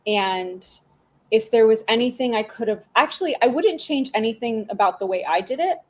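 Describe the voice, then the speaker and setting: A woman's voice: on the high side, animated, moderate pace. A woman in her thirties, a business mentor and podcast guest, talking in a frank, chatty way with lots of fillers and asides. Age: 30s. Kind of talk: casual interview conversation.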